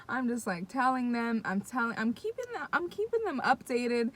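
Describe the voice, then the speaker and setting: A young woman telling a story to her viewers in casual, excitable, profane chat, talking straight to the audience. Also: fairly high pitch, moderate pace, few pauses. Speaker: vlogger.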